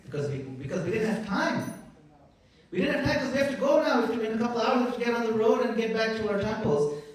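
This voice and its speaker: A man moderating a conference, giving closing remarks in a warm, storytelling way with playful analogies. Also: very high voice, animated, quick pace. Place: large conference hall. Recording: echoey hall, voice far from mic.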